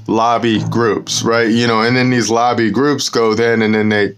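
A man talking outdoors in a middle-pitched, everyday voice. He rambles loosely and checks in with "right?" and "you know" after almost every point, like a host chatting straight to his camera. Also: flat delivery, normal speed, a bit bright, clear, resonant tone. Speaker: show host. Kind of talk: casual talk to camera. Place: outdoors in the cold.

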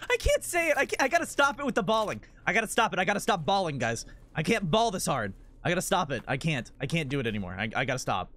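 A man's voice: a little high, big pitch swings, quick pace, hardly any pauses, pushed and bright. A man in his twenties streaming a game, rambling through silly jokes and laughing constantly. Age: 20s. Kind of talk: casual gameplay commentary.

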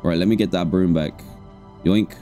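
Casting: man, gaming streamer, low mellow voice, jokey and jittery, faint music under. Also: moderate pace. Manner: jokey, jumpy, talks to himself. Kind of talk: live gameplay commentary.

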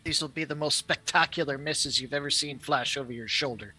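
A man's voice: on the high side, brisk, pushed and bright, breathy edge. A man playing a tabletop game, joking and playful in casual banter. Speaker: player.

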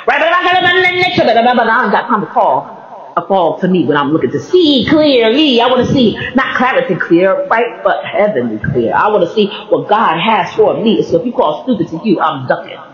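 A man's voice: high voice, very animated, moderate pace, a bit bright. A man talking in a casual faith-based monologue, rambling, laughing often and restarting mid-thought. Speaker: vlogger. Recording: roomy, slightly dull recording.

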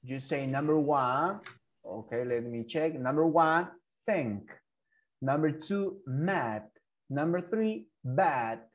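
Male teacher, native Spanish speaker, drilling sounds on a video call; unhurried, very animated pitch. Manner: patient, repeats and drills words. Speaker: English teacher. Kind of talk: online English lesson for a child.

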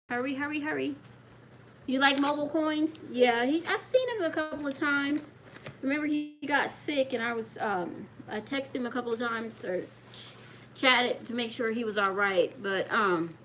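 With a high-ish, fairly bright voice, the coin channel host chats to her audience on a casual home livestream filmed on a handheld phone. She keeps breaking off to scold a child off-camera for touching things; slight noise sits in the background.

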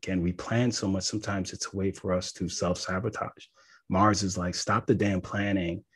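A man, an astrologer, explaining in a casual, animated way, often checking in with "right?". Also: low voice, brisk, breathy edge. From United States. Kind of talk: casual teaching talk.

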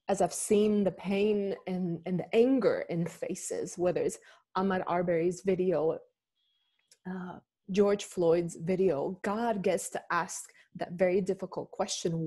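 A woman pastor speaks with slow, grave deliberation as she leads a lament. Her voice sits fairly low, with a dark, mellow tone and a husky, breathy edge. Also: steady tone. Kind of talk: slow reflective spoken sermon and prayer.

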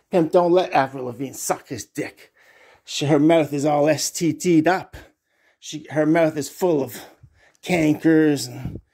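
A man's voice: a little high, darkish tone, husky. A man rambling casually to his pets in crude baby talk, calling himself by a nickname in the third person.

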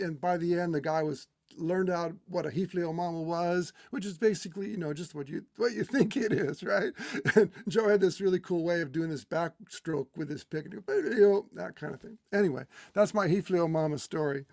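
Middle-aged man, a touch high, gravelly; halting, tender memorial tribute. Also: dry recording, studio quality. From California. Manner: halting, with many restarts and fillers, growing quiet and tender. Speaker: guest speaker at a memorial. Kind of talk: heartfelt personal remembrance.

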